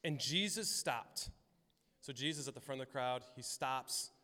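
A man's voice: mid-range voice, a little slow, pushed and bright. A man preaching a casual, conversational sermon as a pastor, often acting out the voices in his stories. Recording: long hall reverb.

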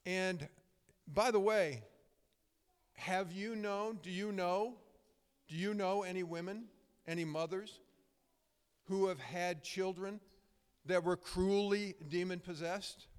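A man's voice: high voice, takes it slowly, long pauses, smooth. A middle-aged man preaching a sermon, conversational and emphatic, telling stories with frequent restarts. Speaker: pastor. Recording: long hall reverb.

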